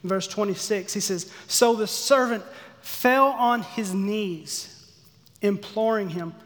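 A man giving a sermon, acting out the characters' pleas with lively energy. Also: high voice, slow. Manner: animated, acts out the servant's pleas. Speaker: pastor. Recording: long hall reverb.

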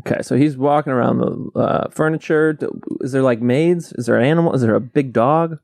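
Gravelly guy, deadpan questions n quips, dry sound. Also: medium pitch, no room sound. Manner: wry, quick interjections and deadpan questions. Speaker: podcast co-host. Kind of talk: casual comedic chat.

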